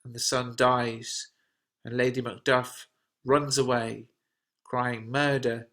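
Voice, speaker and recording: Male English teacher narrating a play translation, brisk and steady. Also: medium pitch. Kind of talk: reading and explaining a play translation.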